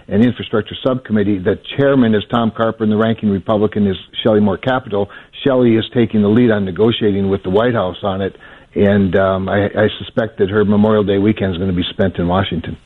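A male senator answering questions on a radio call-in show, measured and explanatory, restarting his words often. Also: on the low side. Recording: phone-line audio.

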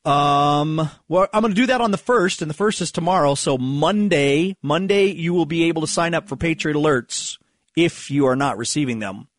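A man's voice: on the high side, moderate pace. A man hosting a casual political monologue, rambling and sarcastic, restarting his sentences and sighing. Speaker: political commentary host.

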